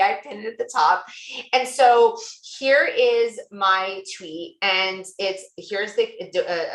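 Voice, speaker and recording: A woman's voice: medium pitch, fairly bright tone, roomy sound, low-quality recording. A woman presenting a tool demo over a video call, chatty and gushing, with many fillers. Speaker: guest presenter.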